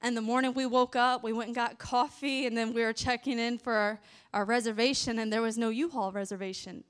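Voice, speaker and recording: A woman's voice: a little high, brisk, smooth. Chatty Southern woman sharing testimony. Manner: chatty, animated, many fillers and restarts. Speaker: ministry worker sharing testimony. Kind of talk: casual faith testimony.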